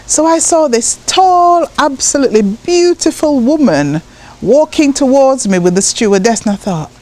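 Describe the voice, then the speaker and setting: A woman from Jamaica, a poet, telling personal stories in an interview with an animated manner, acting out voices and laughing often. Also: high voice, moderate pace. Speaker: guest, poet and writer.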